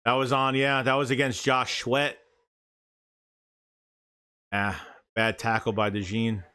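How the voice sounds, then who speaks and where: A man's voice: medium pitch, takes it slowly, smooth. A man calling a football game live as a fan streamer, cursing freely and getting worked up over bad plays. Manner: profane, excitable, yells at bad plays. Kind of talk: live fan reaction play-by-play.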